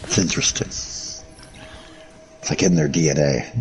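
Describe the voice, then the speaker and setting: A man's voice: extremely low pitch, normal speed, faint music behind. A man chatting casually while he paints, cracking crude jokes and swearing freely. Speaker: hobbyist painting miniatures. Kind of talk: casual chat while working.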